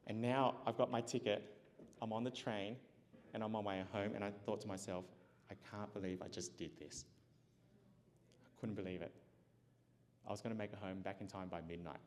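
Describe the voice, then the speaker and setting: A man giving a motivational keynote, telling a personal story with lively acted-out dialogue and frequent laughs. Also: on the low side, fairly quick, pauses often. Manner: animated, acts out dialogue, laughs often. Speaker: keynote speaker. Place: large event hall. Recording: long hall reverb.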